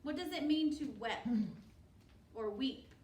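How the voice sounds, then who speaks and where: Woman teacher, high voice, slow and encouraging, read-aloud, roomy echo. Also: expressive, a little mellow, a little hiss or hum. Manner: encouraging, asks pupils questions by name. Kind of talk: reading a picture book to children. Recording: roomy, distant mic.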